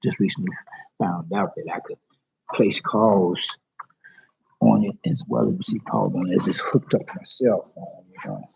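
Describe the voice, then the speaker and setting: A man speaks in a rambling, confessional way on a livestream from a public library. His voice is very low, gravelly and raspy. The sound is dull and lo-fi. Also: huge pitch swings, moderate pace, darkish tone. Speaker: vlogger.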